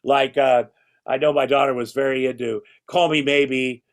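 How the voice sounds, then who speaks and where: A man's voice: medium pitch, fairly even intonation, normal speed. Older guy rambling on a podcast, lots of restarts, swears casually. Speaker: guest. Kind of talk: casual chat.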